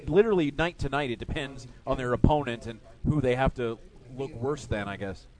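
A man's voice: medium pitch, brisk, a little mellow. A man co-hosting a wrestling talk show in easygoing, agreeable casual chat. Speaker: wrestling podcast co-host.

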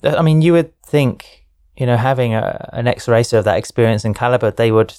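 A man's voice: mid-range voice, a little fast, a little mellow, clear, resonant tone, dry recording, clean studio sound. A man hosting a racing discussion, talking with hesitations and fillers. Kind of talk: studio discussion.

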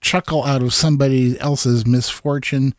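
A man's voice: medium pitch, fairly even intonation, normal speed, no echo, clean studio sound. A man co-hosting a podcast who chats casually with upbeat, chuckling reactions. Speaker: podcast co-host. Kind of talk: casual chat.

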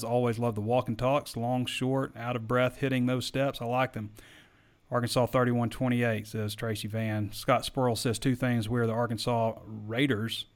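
A man hosting a sports podcast, chatting casually and answering listener questions in a rambling, hesitant way, his voice wearing thin. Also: mid-range voice. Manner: rambling, hesitant, repeats himself.

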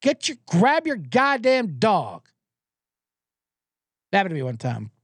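A man's voice: high-pitched, measured pace, slightly rough, no echo, clean studio sound. A man hosting a sports show, rambling through a casual, profane monologue. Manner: rambling and profane, with animated impressions.

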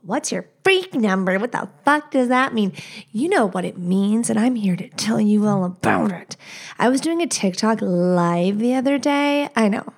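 A woman's voice: mid-range voice, normal speed. A woman in her thirties hosting a solo podcast, telling stories in a candid, profane, chatty way. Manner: candid and profane, animated asides. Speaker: podcast host. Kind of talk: casual solo podcast storytelling.

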